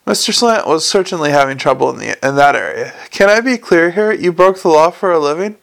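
Man reading as a dusty old lawyer, dignified, growling, slight gravel. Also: a little high, expressive, brisk, fairly bright tone. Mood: probing.

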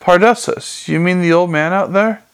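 A man voices a blunt, weary knight who speaks dryly and plainly. The voice sits slightly high for a man. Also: moderate pace, clean tone. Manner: dry, blunt, plain-spoken.

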